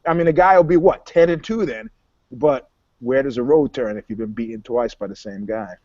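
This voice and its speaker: A man co-hosting a casual podcast, telling stories in an animated, boastful way, laughing often and swearing. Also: medium pitch, normal speed, dry recording. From New York. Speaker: podcast co-host. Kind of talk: casual chat, storytelling. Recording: dull lo-fi audio, dry.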